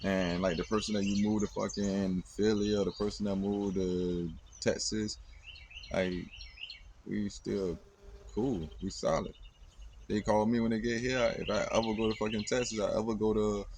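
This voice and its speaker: A man's voice: fairly low pitch, little pitch movement, moderate pace, a little mellow, slight background noise. A man in his thirties, hosting a podcast, talking casually and rambling bluntly with plenty of swearing. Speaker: podcast host. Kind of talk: casual monologue.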